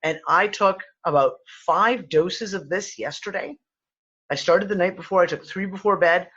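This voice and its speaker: High-voiced Midlands Englishman, lo-fi. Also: moderate pace, pushed and bright, slightly rough. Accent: West Midlands English. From England. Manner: rambling, swears freely, many restarts. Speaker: podcast co-host. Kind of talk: casual chat.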